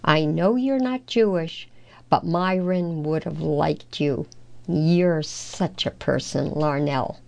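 A woman voicing an elderly, tender widow in a storybook read-aloud, with gentle, old-world phrasing. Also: deep voice, slow, gravelly, heavily acted.

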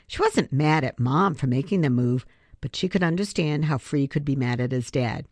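Low-voiced woman reading a children's book aloud. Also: normal speed, dry recording. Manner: expressive, storytelling. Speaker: reader.

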